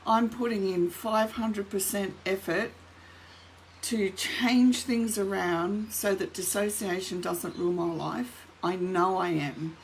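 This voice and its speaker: A woman's voice: mid-range voice, a little slow, a little hiss or hum, rough recording. A middle-aged woman talking candidly to camera about her own recovery from trauma. She tells it as a story, acts out her own inner voice and laughs often. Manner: frequent light laughter. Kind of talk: personal talk to camera.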